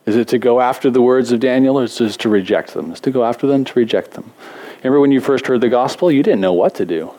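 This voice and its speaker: A man preaching a sermon as a pastor, talking in a conversational way with self-deprecating jokes and lively asides. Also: medium pitch, quick pace.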